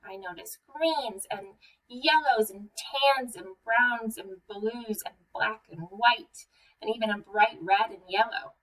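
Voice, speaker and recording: A woman's voice: on the high side, fairly bright tone, recorded from a distance, rough recording. Friendly young woman teaching kids about art. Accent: American. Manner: friendly, clear, asks the viewer questions. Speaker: museum educator. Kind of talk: children's art lesson and story time.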